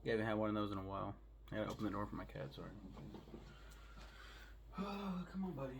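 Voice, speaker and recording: A man hosting a casual solo review from home, talking fast, rambling and swearing freely. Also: on the low side, level tone, creaky, background noise. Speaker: host reviewing a show.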